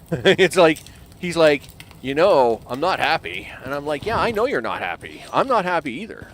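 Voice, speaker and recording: A man casually commenting on his live gameplay, chatting to the animals in the game and grumbling at his bad luck. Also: medium pitch. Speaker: game streamer. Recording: noisy game sound behind voice. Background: game ambience and vehicle sounds.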